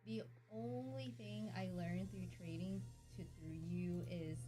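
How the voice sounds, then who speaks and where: A woman's voice: medium pitch, lively intonation, unhurried, hardly any pauses, dark tone, soft background music. A young woman bantering playfully on a livestream, teasing her partner. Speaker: streamer and host's partner.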